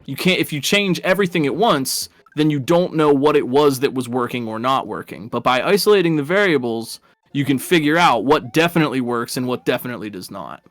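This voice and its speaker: A man's voice: medium pitch, expressive, brisk, a bit bright, no room sound. A man casually commentating a live video game race, rambling and chatty, laughing at his own stories.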